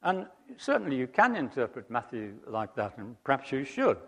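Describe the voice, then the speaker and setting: A man preaching a sermon, emphatic, rising to loud high peaks and dropping to quiet asides. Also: big pitch swings, normal speed. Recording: long hall reverb.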